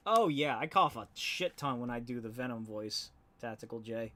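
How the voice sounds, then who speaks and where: A man with a middle-pitched voice chats casually while inking comic pages on a live stream. He rambles, laughs easily and swears offhandedly, as if talking to friends. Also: lively intonation, moderate pace, bright, forceful tone. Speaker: comic artist and YouTuber.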